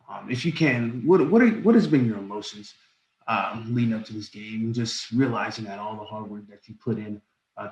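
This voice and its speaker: Low-voiced reporter guy asking a long rambling question, echoey room. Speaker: sports reporter. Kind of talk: press conference question.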